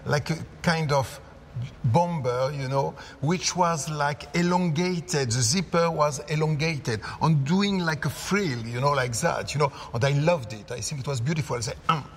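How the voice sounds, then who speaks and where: A man's voice: on the high side, moderate pace, big-room sound, slight background noise. A man talking in an interview, searching for words and enthusiastic. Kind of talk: casual interview talk.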